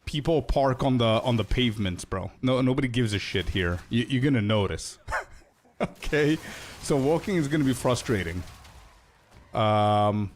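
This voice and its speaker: A man's voice: mid-range voice, animated, measured pace, a little hiss or hum. A man streaming a game, chatting casually with viewers in a laid-back, slangy way and laughing often.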